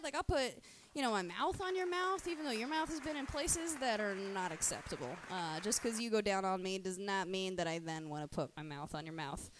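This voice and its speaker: A woman's voice: fairly high pitch, expressive, a little fast, few pauses, fairly bright tone, slight background noise. A woman streaming live, talking in a casual, rambling monologue full of swearing and fillers. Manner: crude, profane, rambling with many fillers.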